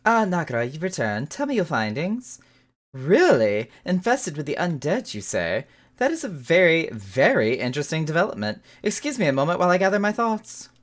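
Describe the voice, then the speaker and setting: A woman's voice: sits low, sing-song, moderate pace, pitched above the performer's own voice. A woman voicing a fussy, bookish young woman scholar with a put-on accent who rambles at length. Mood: prim. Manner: prim, wordy, rambling.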